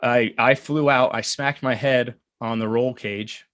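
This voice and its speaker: An earnest man in his thirties recounts a personal story, pausing and restarting often. His voice sits mid-range, and the recording is dry with no room sound. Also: mid-range voice, steady tone, a bit bright, no echo. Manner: earnest, halting with fillers and restarts. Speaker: guest. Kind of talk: casual storytelling.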